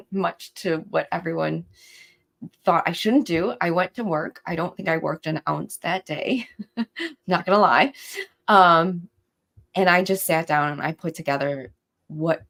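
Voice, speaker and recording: Young woman chatting on a podcast, gravelly voice, acts out what people said, kinda low. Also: measured pace. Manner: animated storytelling, acts out quotes. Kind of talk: casual podcast conversation.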